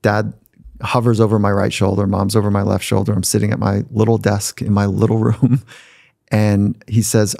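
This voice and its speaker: Man, low gravelly voice, mellow tone, reflective storyteller, dry close mic. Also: a little fast, no room sound. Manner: reflective, acts out quoted voices. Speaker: guest. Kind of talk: conversational storytelling. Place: podcast studio.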